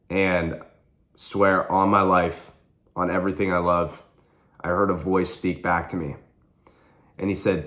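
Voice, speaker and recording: Deep-voiced young man telling an earnest story. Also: level tone, a little slow, pauses often, a bit bright. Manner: earnest and intense, repeats phrases for emphasis. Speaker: vlogger. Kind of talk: personal storytelling to camera.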